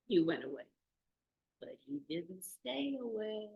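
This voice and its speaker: A woman storyteller telling a folk tale to a small group in a meeting room, lively and asking the audience questions. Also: fairly low pitch, moderate pace. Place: meeting room in a community venue. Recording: roomy meeting-room recording.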